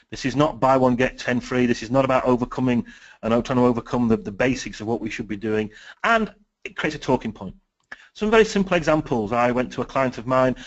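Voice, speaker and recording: A man with a Sheffield accent giving a business webinar talk, telling lively stories and acting out the dialogue. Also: medium pitch, lo-fi sound. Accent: Sheffield English. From England. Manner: lively storytelling, acts out quoted dialogue. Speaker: business speaker.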